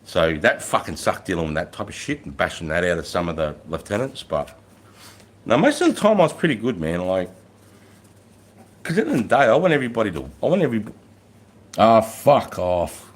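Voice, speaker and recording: A middle-aged man with a somewhat low voice hosts his own livestream, telling army stories in a blunt, swearing-heavy way. He gets much louder and higher when he acts out what he told his soldiers. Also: big pitch swings, fast talker. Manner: blunt and heavily profane, rising loud when quoting himself. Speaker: livestream host, former army sergeant. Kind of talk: casual storytelling livestream.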